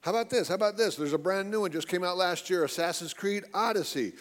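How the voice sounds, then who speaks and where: A man's voice: sits high, fast talker, in a large hall. A man giving a live talk, mocking with sarcastic repetition.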